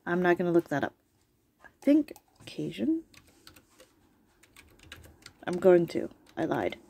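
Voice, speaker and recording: A woman's voice: on the low side, very animated, takes it slowly, vocal fry, dark tone, slightly rough. A woman with an allergy-worn voice, chatting casually at her home desk as a video host, rambling with asides and ums. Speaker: YouTube host. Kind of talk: casual chat about cryptids.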